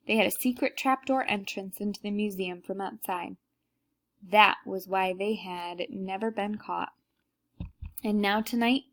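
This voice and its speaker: A woman's voice: mid-range voice, fairly bright tone. A woman reading a children's book aloud, narrating plainly and unhurriedly with small slips.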